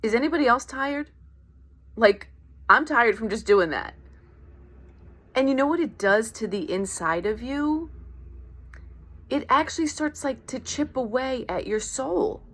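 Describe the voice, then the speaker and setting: A woman's voice: on the high side, expressive, a little slow, pauses often, fairly bright tone. A woman life coach talking in a casual motivational monologue, conversational, often checking in with "right?" and acting out everyday exchanges. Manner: conversational, acts out quoted voices, keeps asking "right?".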